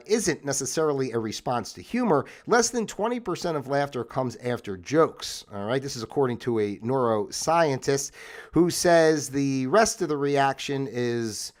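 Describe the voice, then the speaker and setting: A middle-aged man hosting a casual livestream, reading out facts in a rambling, jokey way and breaking off into asides. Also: medium pitch. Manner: rambling, jokey, self-interrupting. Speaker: livestream host. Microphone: phone.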